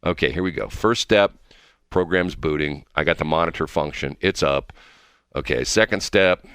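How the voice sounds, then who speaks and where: A man's voice: very deep voice, normal speed, a bit bright, clear, resonant tone, no echo, studio quality. A man hosting a radio show, joking and flustered in casual on-air banter.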